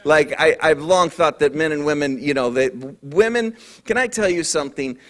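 A male pastor in his forties preaching a sermon in an animated, jokey storytelling manner. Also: a little high, moderate pace.

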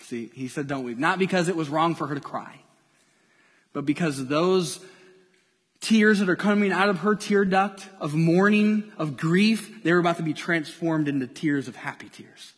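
A male pastor preaching with a notably high voice, playful and engaging as he pulls the congregation along. His words ring out with a long church-hall reverb. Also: normal speed. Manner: lively, playful, draws the congregation in. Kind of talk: sermon.

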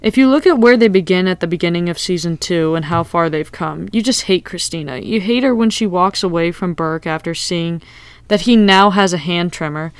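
A woman's voice: on the low side, a little fast, clean tone, no echo. A woman in casual podcast chat, recapping TV scenes and reading quotes aloud. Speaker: podcast co-host.

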